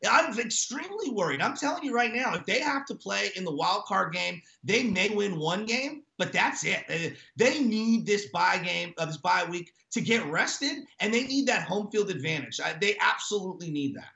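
A man co-hosting sports talk radio, ranting in an animated, emphatic way with lots of repetition. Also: sits high, moderate pace, vocal fry, few pauses, roomy sound.

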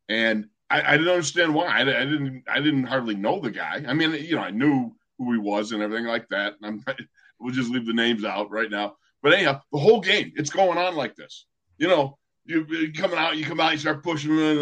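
A man telling a football story in relaxed podcast talk. His voice sits at an everyday middle pitch, and he jumps into quoted lines as he acts out the scene. He restarts words often as he goes. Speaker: podcast co-host, former football player. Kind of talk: casual storytelling chat.

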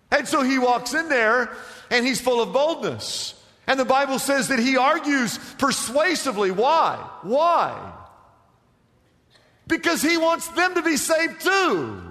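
Preaching in a church sanctuary, a male pastor draws answers from his congregation with questions. His very high voice sounds pushed and bright, and the large room leaves a long reverb.

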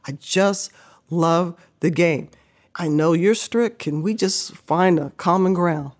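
An older woman and former basketball player telling stories as a podcast guest, animated and laughing, acting out what people said. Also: fairly low pitch, slow pace. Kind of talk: casual storytelling interview.

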